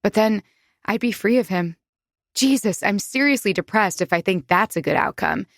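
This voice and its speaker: Woman narrator, mid pitch, intimate first-person audiobook reading, dry close studio sound. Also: expressive, normal speed, no room sound.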